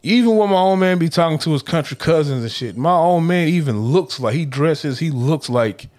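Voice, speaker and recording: A man's voice: on the high side, normal speed. Rambling storyteller man on a podcast. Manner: rambling, animated storytelling with slang and repeats. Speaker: podcast co-host.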